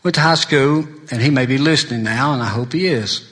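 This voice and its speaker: This pastor, a middle-aged man with a mid-range, brisk and slightly bright voice, preaches a sermon. He tells folksy stories and acts out his friends' lines.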